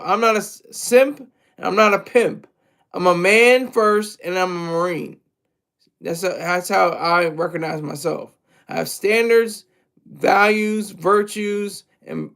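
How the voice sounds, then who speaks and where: A man's voice: high voice, vocal fry, a bit bright. A man streaming a crude, mocking, rambling commentary rant.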